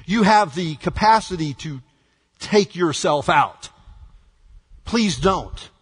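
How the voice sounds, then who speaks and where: A male pastor preaching a sermon with dramatic swings from hushed words to shouts. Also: sits high, lively intonation, slow, husky, long reverb tail.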